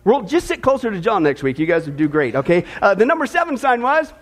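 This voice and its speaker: A man's voice: high-pitched, very animated, quick pace. A man preaching a sermon, joking with his congregation and addressing them directly. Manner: jokey, talks directly to the congregation. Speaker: pastor.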